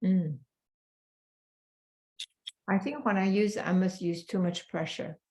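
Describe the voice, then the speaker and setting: A woman's voice: on the low side, steady tone, slow, a little mellow. A woman taking part in a video call, making short remarks and asking questions about a skincare routine. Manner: short remarks and questions between the demonstrator's steps. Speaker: meeting participant. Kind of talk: casual chat on a video call.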